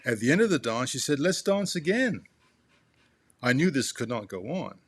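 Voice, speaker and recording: A man reading a memoir aloud to his father, halting with restarts and turning asides to the listener as "you". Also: mid-range voice, sing-song, a bit bright, slightly rough, dry recording.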